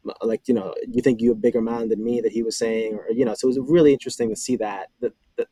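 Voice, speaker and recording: A man's voice: mid-range voice, steady tone, quick pace, warm tone, dry recording, low-quality recording. A man, a former cast member, recalling a scene in casual chat, rambling with many fillers.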